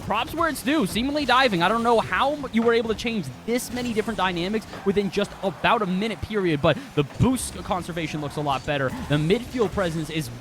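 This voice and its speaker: A man calling a live esports match with a bright, high-pitched voice. He is excitable and his voice shoots up on big saves and goals. A faint hiss sits under the voice. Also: quick pace, hardly any pauses. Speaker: esports caster. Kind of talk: live play-by-play commentary.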